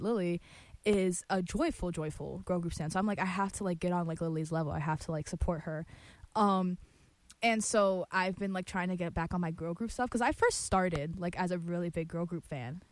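A woman's voice: fairly low pitch, no echo. A young woman hosting a music show, chatting casually and bubbly with lots of fillers. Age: young adult. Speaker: college radio host.

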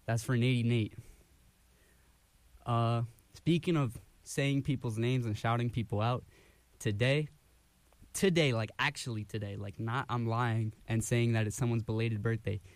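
A man's voice: medium pitch, dry recording. Young man, college radio host, winded and ranting, self-mocking, dry close mic. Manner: rambling, self-deprecating, animated rants. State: out of breath. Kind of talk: casual radio chat. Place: radio studio. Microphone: studio microphone.

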